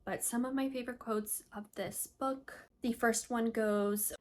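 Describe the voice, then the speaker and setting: A woman's voice: a little high, fairly even intonation, measured pace, hardly any pauses, slight background noise. A young woman chatting on her book vlog, gushing and emotional about what she read, with fillers like "um" and "I don't know". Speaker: book vlogger. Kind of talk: casual book review vlog.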